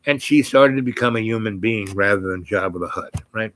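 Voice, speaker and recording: A man's voice: lowish voice, fairly quick, fairly bright tone. A man telling a long, rambling anecdote in casual chat, full of fillers and self-corrections. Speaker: storyteller.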